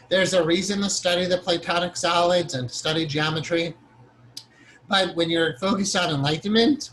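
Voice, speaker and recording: A man leads a meditation lesson in a loose, talky way, doubling back to correct himself mid-sentence. His voice sits a little on the higher side, and there is a faint hiss underneath. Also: bright, forceful tone, low-quality recording. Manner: rambling and conversational, with frequent self-corrections; earnest, chuckles now and then. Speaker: meditation teacher. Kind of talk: informal spoken lecture.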